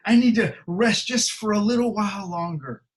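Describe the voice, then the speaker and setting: A man's voice: sits high, lively intonation, normal speed, voice pushed up. A whiny lazy man begging for more sleep, as a preacher puts him on.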